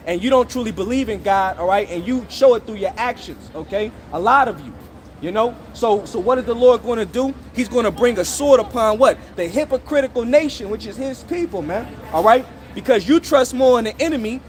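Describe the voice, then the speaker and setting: A man's voice: high voice, a little hiss or hum. A man street preaching outdoors in a scolding, confrontational way, tagging almost every phrase with "all right?" or "okay?". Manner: scolding, accusing listeners directly.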